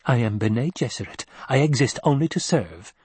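A man voicing a tense, grieving young mother in an audiobook reading, speaking quietly and with restraint. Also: mid-range voice, lively intonation, moderate pace, husky, no echo, pitched above the performer's own voice. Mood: strained.

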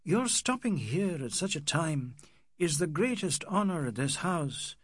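A man's voice: on the high side, huge pitch swings, a bit bright, no echo, clean studio sound, full character voice. A man playing an earnest colonial policeman. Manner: earnest, slow and sincere. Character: earnest middle-aged colonial policeman, sincere. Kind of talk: audiobook character voice.

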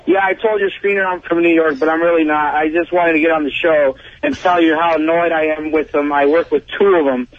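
A man's voice: on the high side, fairly even intonation, a little fast, hardly any pauses, dry recording. A man calling a radio show, annoyed and griping. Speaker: caller. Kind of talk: phoned-in radio call. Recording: dull phone-line audio.

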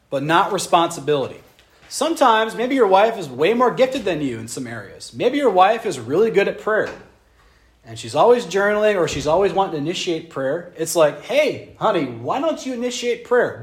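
Lively, high-voiced young male preacher. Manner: animated, acts out voices, talks to the audience. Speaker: pastor. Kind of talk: sermon on marriage.

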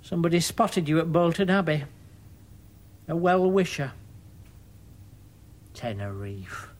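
An actor playing a fussy, mild-mannered middle-aged man in a dramatic monologue, prim and quietly aggrieved. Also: on the high side, very animated, unhurried. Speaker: monologue narrator.

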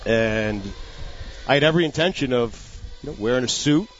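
A man's voice: medium pitch, normal speed, soft background music. A middle-aged man hosts a casual sports radio segment, telling a story with eager restarts and repeated phrases. The recording sounds a little dull and lo-fi. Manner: animated storyteller with frequent restarts. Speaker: radio show host.

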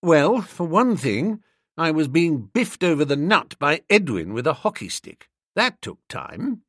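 A man voicing an idle, chatty young English gentleman in an audiobook, with a husky voice. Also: on the high side, sing-song, measured pace, no echo, clean studio sound, voice pushed up, heavily acted. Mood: pleading. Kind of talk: audiobook character reading.

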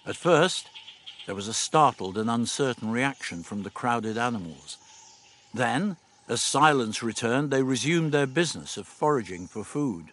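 A man's voice: medium pitch, expressive, normal speed, fairly bright tone, slight background noise. A man reading a story aloud as an audiobook narrator. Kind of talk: scripted narration.

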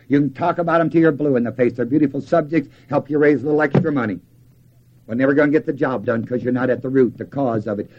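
An older man preaching a sermon in a folksy way, asking the audience questions and answering them himself. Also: medium pitch. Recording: dull lo-fi old tape.

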